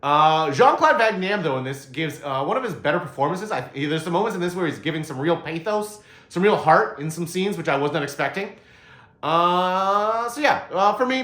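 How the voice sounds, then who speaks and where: A man's voice: on the high side, a bit bright. A man hosting his own movie review channel, talking casually and meandering, with many filler sounds and restarts. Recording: roomy echo.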